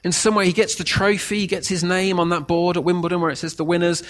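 Guy preaching in church, bit high voice, goes from soft reading to loud emphatic bits. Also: level tone, fast. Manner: shifts from quiet reading to emphatic shouting. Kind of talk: sermon.

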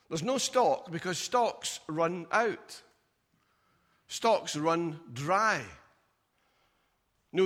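A man's voice: on the high side, fairly bright tone. A man preaching a sermon in a church, conversational, acting out doubters in mocking asides. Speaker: pastor. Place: church auditorium. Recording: long hall reverb.

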